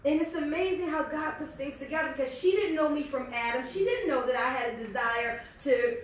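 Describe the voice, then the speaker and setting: A middle-aged American woman giving an earnest, fast-paced motivational speech at a business meeting. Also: high voice, a little hiss or hum. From United States. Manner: fast-talking, earnest and faith-filled. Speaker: network marketing leader and speaker. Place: large echoey meeting hall. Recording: echoey hall from far off.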